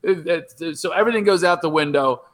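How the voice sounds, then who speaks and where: A middle-aged man telling stories as a comedian guest, with a somewhat raised pitch. He rambles and restarts often, animated and loose, over a remote call. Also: fairly quick. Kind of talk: casual podcast interview.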